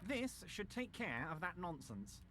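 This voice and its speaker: An actor voicing a smug, portly male union boss in a video game, with a nasal voice and a smooth, unctuous politeness. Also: high voice, big pitch swings, unhurried, bright, forceful tone, heavily acted.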